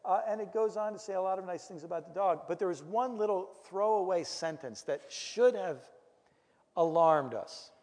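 Man, middle-aged pastor, comic storyteller, animated, lots of restarts, reverberant lecture hall. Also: high voice, moderate pace.

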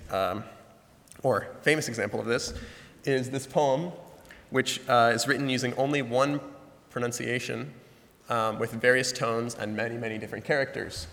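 A young man with a bright, crisp tone walks the room through each point one step at a time and voices examples aloud. The lecture hall adds a long, ringing echo to his words. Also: mid-range voice. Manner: explains step by step, demonstrating sounds. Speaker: student presenter. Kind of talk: explanatory class presentation. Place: lecture room with large slides. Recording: reverberant hall sound.

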